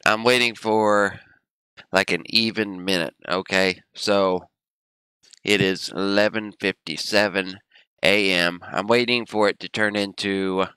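A streamer with a deep voice, pushed and bright, rambles casually on a livestream while groaning and gasping from spicy heat, his eyes teary and nose running. The recording is clean with no room sound.

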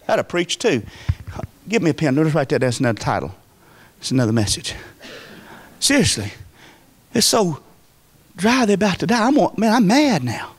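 A man preaching a sermon as pastor, folksy and emphatic, with wide swings of pitch and volume. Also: sing-song, moderate pace, long pauses, slightly rough.

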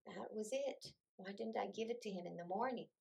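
A woman voicing a gentle, wistful young boy in a storybook read-aloud, with a gravelly, husky voice. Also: mid-range voice, brisk.

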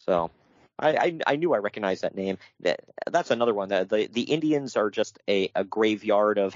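A man's voice: fairly low pitch, expressive, moderate pace, pauses often, no echo, dull audio. A man co-hosting a casual podcast, reading from his notes and riffing on them with wry asides and frequent laughter. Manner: wry, laughs often, reads notes then riffs. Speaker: podcast co-host.

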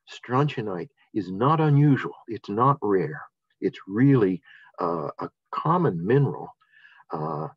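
Deep-voiced enthusiastic older science teacher. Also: male voice, husky, no room sound. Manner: enthusiastic, casual, with frequent fillers and restarts. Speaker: presenter. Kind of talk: science lesson talk. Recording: dull, dry lo-fi sound.

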